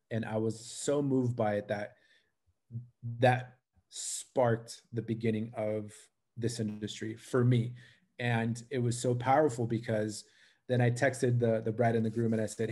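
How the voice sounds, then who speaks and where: A man's voice: medium pitch, unhurried. A man, a live wedding painter, telling a personal story on a casual interview show, acting out his own thoughts as he goes. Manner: animated storyteller, acts out his own inner voice.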